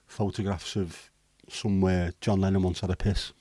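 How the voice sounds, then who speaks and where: This is a livestream host from Liverpool with a Liverpool accent, riffing on viewer comments in a loose, hesitant, rambling way, swearing now and then. His low, mellow voice keeps a level tone at a normal speed. The sound has no echo.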